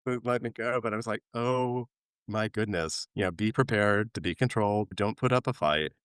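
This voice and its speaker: Low-voiced man telling lively stories. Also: quick pace, clear, resonant tone, no echo. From New York. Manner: animated anecdote-telling, acting out quoted voices with big pitch jumps. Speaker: podcast guest. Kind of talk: casual storytelling interview.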